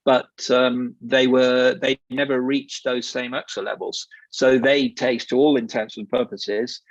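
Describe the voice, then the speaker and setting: A man's voice: medium pitch, level tone, a little slow, no echo, lo-fi sound. A man in his sixties, a wine merchant talking as guest expert in a casual panel, rambling and hesitant with many fillers. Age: 60s.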